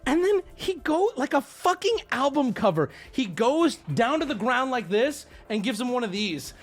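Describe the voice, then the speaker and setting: A man hosting a livestream, telling a story to chat in a casual, animated way, swearing and breaking into yelling. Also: very high voice, normal speed. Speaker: livestream host.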